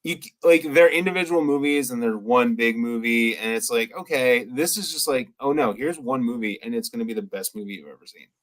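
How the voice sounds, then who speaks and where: A man's voice: medium pitch, brisk, few pauses, a bit bright. A man co-hosting a podcast, chatting casually and enthusiastically with lots of fillers. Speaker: podcast co-host. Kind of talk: casual chat.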